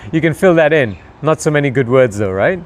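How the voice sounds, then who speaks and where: Motivational man speaking with a raised pitch. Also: animated, fairly quick, slight background noise. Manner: conversational, rhetorical questions to listener. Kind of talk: motivational talk to camera.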